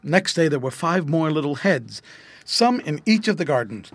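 A man reading an old-fashioned children's story aloud, gentle and expressive. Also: fairly high pitch, normal speed, no echo. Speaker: narrator.

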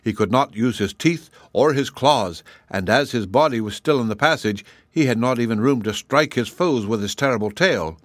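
A man's voice: medium pitch, animated, moderate pace, few pauses, fairly bright tone, no room sound. Man reading a fairy tale, dry sound. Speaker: narrator. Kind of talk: audiobook fairy tale narration.

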